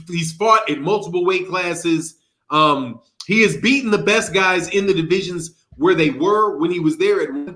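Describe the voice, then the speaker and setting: A man's voice: on the high side, fairly bright tone. A man hosting a casual boxing talk show, loose and joking as he ranks fighters. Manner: joking, teasing, loose banter.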